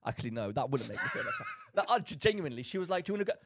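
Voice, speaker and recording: A man co-hosting a casual podcast, talking in an animated, exasperated rant. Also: sits high, rapid-fire, no room sound, clean studio sound. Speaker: podcast co-host.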